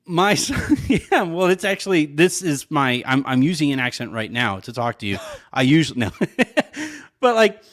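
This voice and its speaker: This man's voice sits fairly high and swings widely in pitch while he talks at an ordinary pace. Co-hosting a podcast, he tells a sprawling story in a casual chat, peppering it with "like" and frequent laughter.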